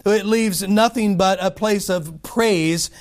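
A man preaching a sermon, emphatic, asking and answering his own questions and slowing down to stress scripture phrases. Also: high voice. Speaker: pastor.

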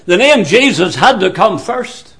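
A man preaching a sermon in a slow, deliberate way, with sudden drops to a hushed voice. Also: high voice, very animated, vocal fry, slightly rough.

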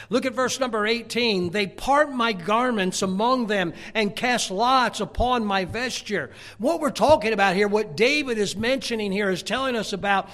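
High-voiced man preaching a sermon. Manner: swings from loud emphatic preaching to hushed near-whispers; reads scripture verses aloud.

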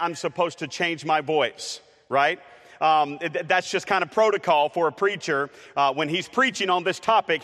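A man's voice: high voice, fairly bright tone. A male preacher giving a sermon in a conversational, playful way, with frequent uh's and restarts. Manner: playful with the congregation. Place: church sanctuary. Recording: long reverb of a church hall.

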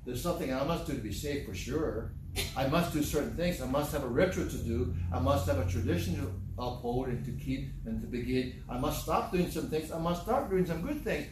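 A male pastor preaching a sermon in a church hall, animated and emphatic, repeating his points and acting out quotes. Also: mid-range voice, fairly quick. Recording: echoey room with faint noise.

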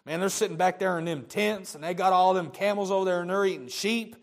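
A man's voice: high-pitched, quick pace, gravelly. A man preaching, acting out a devoted male servant of old with folksy emphasis. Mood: grumbling.

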